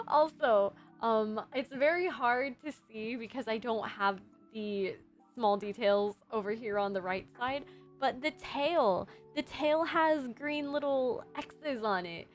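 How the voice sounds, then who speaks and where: A woman's voice: fairly high pitch, takes it slowly, faint music behind. A young adult woman streaming casually as a VTuber, rambling and giggling while reviewing designs. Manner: rambling, giggly, self-deprecating. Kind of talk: casual livestream chat.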